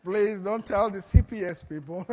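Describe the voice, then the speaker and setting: A man preaching a sermon, telling stories with lively acted-out quotes and frequent laughter. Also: high-pitched, moderate pace, long reverb tail, slight background noise. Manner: animated storytelling, acts out quotes, laughs often. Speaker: pastor.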